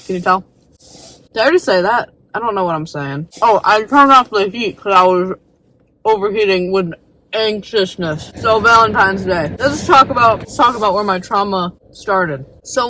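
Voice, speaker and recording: A woman's voice: medium pitch, a bit bright, slight background noise, low-quality recording. A young woman vlogging from her parked car, telling a story in a rambling, self-deprecating way, full of fillers and asides. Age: young adult. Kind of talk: casual storytelling vlog.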